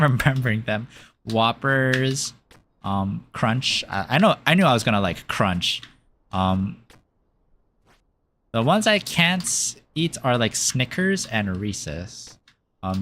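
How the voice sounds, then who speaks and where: Lively, bright-voiced rambling male streamer. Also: mid-range voice, a little hiss or hum. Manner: rambling and giggly, with many fillers. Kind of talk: casual chat while playing a game.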